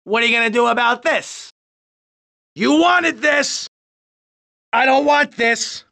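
A man's voice: very high voice, slow, bright, forceful tone, heavily acted. An actor playing a hot-tempered middle-aged male gangster in a video game, barking short hostile taunts. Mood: menacing taunts. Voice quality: gravelly, menacing. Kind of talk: game voice lines.

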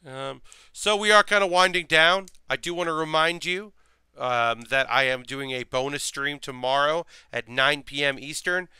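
A man's voice: fairly high pitch, moderate pace, sharp tone, clean tone, no echo. A man streaming a model build, rambling casually and muttering to himself as he works. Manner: rambling, thinks aloud, mutters to himself while working. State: sleepy, yawning. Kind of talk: casual live-stream chat while building.

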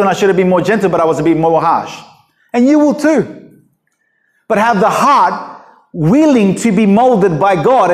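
Male pastor preaching, earnest and emphatic, high-pitched voice. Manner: earnest and emphatic, with rhetorical questions. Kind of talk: sermon.

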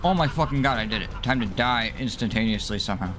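A man commentating his own gameplay, swearing and mocking himself in exasperated rants, with sudden high yelps when frustrated. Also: expressive, fast talker, over music. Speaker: let's play gamer.

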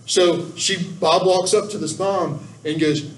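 A man's voice: a little high, steady tone, unhurried. Folksy man trainer in an echoey room. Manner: folksy, earnest, emphatic. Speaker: church volunteer trainer. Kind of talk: training talk with anecdotes. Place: church room. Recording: echoey room, distant mic, faint background noise.

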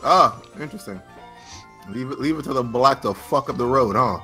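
A man's voice: mid-range voice, normal speed, sharp tone, soft background music. A young man playing a party game with friends, cursing and grumbling at bad luck. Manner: cursing, easily frustrated. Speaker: gamer. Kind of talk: casual gaming chat.

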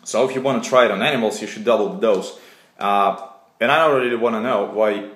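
A man with a Russian accent hosting a deadpan comedy recipe video, hesitating often with fillers. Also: fairly low pitch, quick pace. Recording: echoey room.

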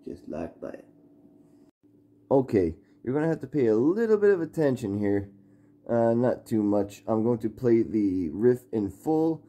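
A man's voice: mid-range voice, sing-song, normal speed, warm tone. A man with a put-on Southern American drawl, teaching guitar in a rambling, self-mocking, casual way.

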